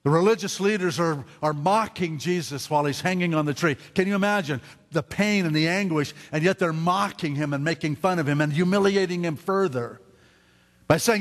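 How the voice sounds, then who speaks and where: A man's voice: a little high, normal speed. A man preaching a sermon in a church, earnest and prone to stammered restarts. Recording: reverberant hall.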